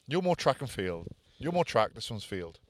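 Teasing podcast co-host. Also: male voice, medium pitch, big pitch swings, normal speed, no room sound. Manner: teasing banter. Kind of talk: casual chat.

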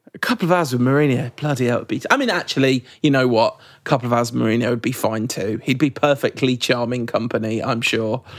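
A man's voice: mid-range voice, no room sound, clean studio sound. A man co-hosting a podcast in casual, jokey chat, rambling with restarts. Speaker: podcast co-host leaving the show.

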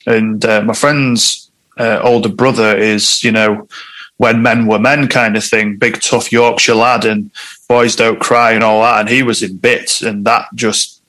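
A man's voice: lowish voice, little pitch movement, a little slow, bright, forceful tone, poor audio. A man, a guest telling a personal story in conversation, candid and reflective.

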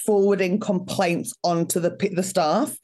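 A woman, a comedian guest on a casual podcast, chatting in a sweary, animated way and mimicking angry parents. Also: lowish voice, moderate pace.

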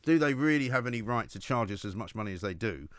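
A man hosting a radio talk show, chatting and telling stories in a brisk, conversational way. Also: fairly low pitch, lively intonation, a bit bright, dry recording, clean studio sound. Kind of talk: casual radio chat.

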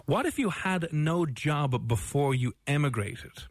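A man's voice: on the high side, animated, unhurried, no room sound, clean studio sound. Jokey Irish male radio host. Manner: teasing, jokey. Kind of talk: casual radio chat. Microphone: studio microphone.

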